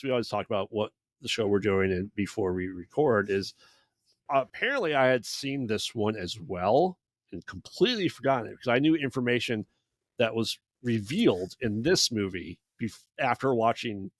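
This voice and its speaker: A man's voice: lowish voice, expressive, normal speed, no echo, clean studio sound. A man co-hosting a podcast, recapping a bad movie in loose casual chat and acting out characters' lines along the way. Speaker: podcast co-host.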